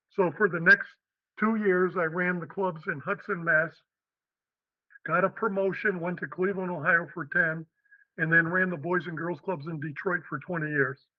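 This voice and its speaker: An older man from Western Pennsylvania tells his career story as a podcast guest, bringing quoted people to life as he goes. His voice sits high, and the recording is dry and somewhat dull, like lo-fi podcast audio. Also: normal speed, dry recording. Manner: animated storyteller, acts out quotes. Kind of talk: storytelling interview.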